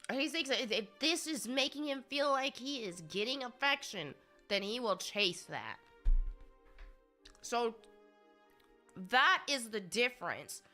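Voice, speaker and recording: A woman's voice: high-pitched, sharp tone. A woman gaming streamer with a cold, chatting casually in a rambling, candid way while she plays. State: has a cold.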